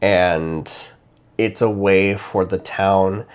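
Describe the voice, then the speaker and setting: A man's voice: low voice, steady tone, very slow, clean tone. A man hosting a casual book review while doing his makeup, rambling with lots of fillers and correcting himself as he goes.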